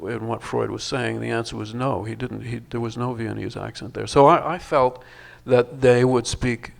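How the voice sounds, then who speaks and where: A man's voice: medium pitch, vocal fry. An older male film director at a festival panel, answering in a thoughtful, wry way with many restarts.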